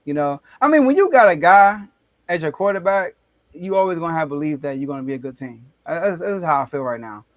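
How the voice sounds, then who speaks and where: A man hosting a casual sports debate show, telling stories in an animated, excitable way with big jumps in his voice. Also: on the high side, brisk, dry recording, muffled recording.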